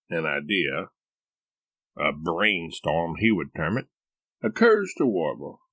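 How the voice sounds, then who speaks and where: Male author reading his comic novel aloud, low voice with lively ups and downs, dry close sound. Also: slow, pauses often, dry recording. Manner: wry, expressive storytelling. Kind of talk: scripted narration of a comic story.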